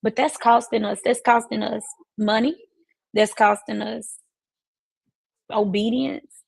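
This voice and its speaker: On a motivational live stream, a woman working as a financial services coach speaks with emphasis, repeating phrases in a preacher-like way. Her fairly high voice is steady, slow, creaky, and a bit breathy. There's no echo, but the recording quality is low.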